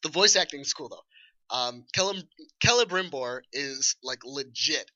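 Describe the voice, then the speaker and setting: A man casually reviewing a video game with a co-host, animated, laughing and swearing as he talks. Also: medium pitch, unhurried, dry recording, lo-fi sound. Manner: animated, swearing, laughing, acts out enemy shouts.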